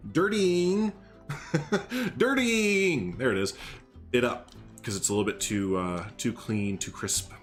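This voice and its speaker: A young man chatting casually on a live stream while he builds in a game, rambling, humming and greeting viewers by name. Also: on the low side.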